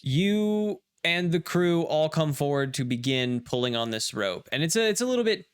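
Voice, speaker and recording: A man narrating a tabletop role-playing game as game master, talking in quick, lively bursts with frequent restarts. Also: a little high, clean tone.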